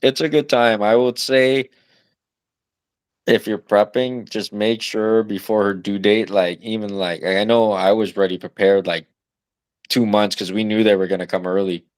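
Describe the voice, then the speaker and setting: A man's voice: lowish voice, steady tone, moderate pace, no room sound. A young man in his twenties, a new father of twins, chatting loosely on a podcast with lots of fillers and the odd curse. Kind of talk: casual chat.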